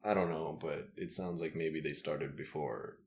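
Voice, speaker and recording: A man's voice: rumbling low, steady tone, moderate pace, creaky, a little hiss or hum. A man in his thirties, born in the former Soviet Union, chatting casually on a podcast, joking and swearing freely. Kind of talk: casual chat.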